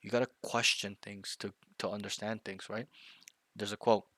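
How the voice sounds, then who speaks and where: A man coaching a player one on one, blunt and intense, pressing his points and swearing now and then. His voice sits a little low but has a bright, forceful edge. The sound is dry and close, with no room around it. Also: little pitch movement, moderate pace, no echo. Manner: repeats himself, checks in with okay and right. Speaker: game coach.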